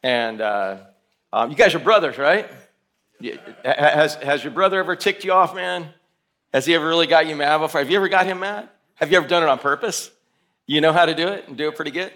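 High bright-voiced preacher. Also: male voice, a little fast. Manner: animated, coaxing volunteers, calling out questions to the room. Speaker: pastor. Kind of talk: sermon with a live demonstration.

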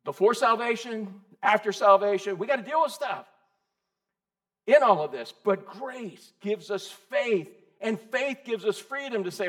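A man preaching a sermon as pastor, lively and conversational, asking his congregation questions. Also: very high-pitched, moderate pace. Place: church.

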